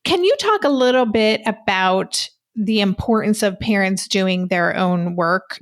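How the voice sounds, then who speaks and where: A woman's voice: mid-range voice, fairly bright tone. Woman podcast host asking questions. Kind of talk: interview hosting.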